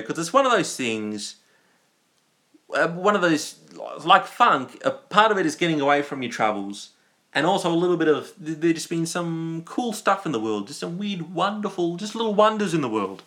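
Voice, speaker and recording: A man's voice: fairly high pitch, sing-song, moderate pace, bright, forceful tone. A young Australian man hosting a casual livestream, reading viewer comments and rambling in a goofy, playful way. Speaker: livestream host.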